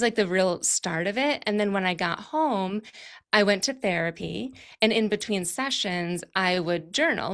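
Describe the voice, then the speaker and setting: A woman in her thirties, a guest on an interview podcast, speaking reflectively and thinking aloud in long, winding sentences. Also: mid-range voice. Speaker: podcast guest, clarity coach. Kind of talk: conversational interview.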